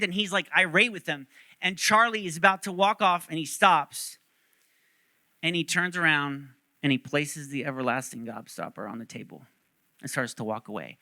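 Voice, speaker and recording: A man's voice: a little high, moderate pace, pushed and bright, no echo. A male pastor preaching a sermon, telling stories animatedly and joking with the congregation.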